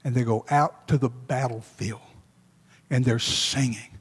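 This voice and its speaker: Husky-voiced man preaching in a reverberant hall. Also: medium pitch, fairly even intonation, measured pace. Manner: emphatic preaching, repeats key phrases. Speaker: pastor. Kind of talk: sermon.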